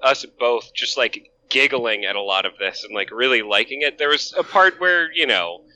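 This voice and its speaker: Podcast guy with a really sharp bright voice, gushes and gets excited, swears a bit. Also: medium pitch, moderate pace, rough recording. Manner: gushing, excitable, swears casually. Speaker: podcast co-host. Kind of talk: casual chat.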